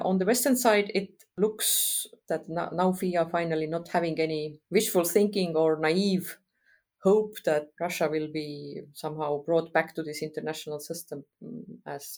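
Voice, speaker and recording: A middle-aged woman from Estonia, speaking frankly as a guest expert in a podcast interview, pausing often with "uh" as she thinks. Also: lowish voice, a little mellow. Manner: thoughtful, frank, with frequent uh pauses.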